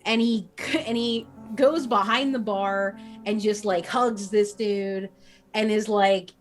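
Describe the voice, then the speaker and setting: A woman's voice: medium pitch, fairly even intonation, slow, faint music behind. A woman narrating a tabletop game as game master, rambling with lots of fillers.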